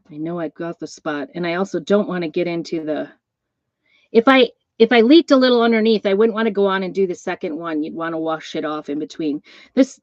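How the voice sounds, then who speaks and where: A woman's voice: fairly low pitch, darkish tone, no room sound, highs cut off. A middle-aged woman hosting a live craft demonstration, chatting and rambling through stories while she works with her hands. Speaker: craft seller and host.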